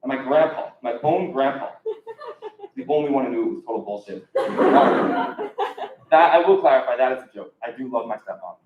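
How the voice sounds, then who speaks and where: A man's voice: mid-range voice, animated, moderate pace, slight background noise. Young man doing rambling stand-up. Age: young adult. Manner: casual, rambling delivery with frequent ums. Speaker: student stand-up comedian. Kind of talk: live stand-up comedy set. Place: live comedy show in an echoey room. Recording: echoey, dull lo-fi room recording.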